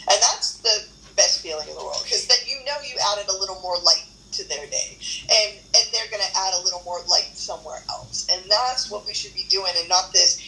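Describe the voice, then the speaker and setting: A woman's voice: medium pitch, animated, moderate pace, sharp tone. A woman speaking as a guest on a casual livestream chat, upbeat and earnest, laughing readily. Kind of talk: casual live-stream chat. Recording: echoey room with background noise.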